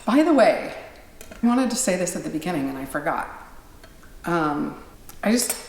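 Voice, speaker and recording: A middle-aged woman vlogs in a medium-pitched voice with a little hiss or hum on the recording. Her chat to viewers is casual, rambling and self-deprecating, captured with a roomy echo and faint ambience.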